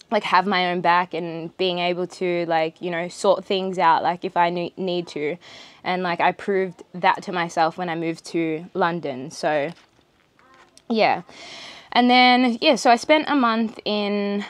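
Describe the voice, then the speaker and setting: A woman's voice: mid-range voice, dry recording. A young woman from Australia telling her story in a casual vlog while she eats, rambling with many fillers and restarts, sometimes talking with her mouth full. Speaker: vlogger. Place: outdoor eatery.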